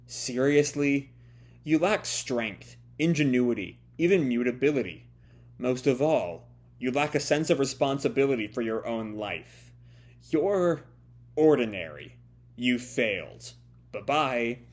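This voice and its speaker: Brief: a man doing a scornful young snake woman, cold and flat, read off a comic page. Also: medium pitch, measured pace. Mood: contemptuous.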